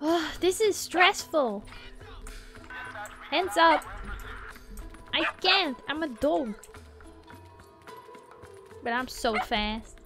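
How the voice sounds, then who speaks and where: Very high, squealy young woman streamer. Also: bright, forceful tone. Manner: squeals and giggles, role-playing as a puppy. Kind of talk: playful gaming stream.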